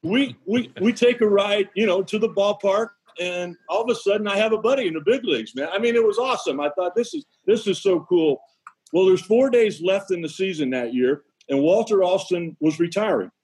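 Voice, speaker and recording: A man from Connecticut with a high, husky voice tells baseball stories with real energy. He acts out the voices of teammates as he goes. The delivery is lively, and the voice sits noticeably above most men's. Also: fairly quick, hardly any pauses, poor audio. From Connecticut, USA. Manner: lively anecdotes, acts out other people's lines. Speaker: former pitcher telling stories. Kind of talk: animated storytelling on a sports show.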